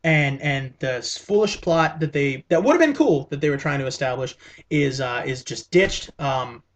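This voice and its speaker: A man's voice: fairly high pitch, animated, normal speed. A man reviewing a movie in a casual vlog, rambling and enthusiastic, with many fillers and restarts.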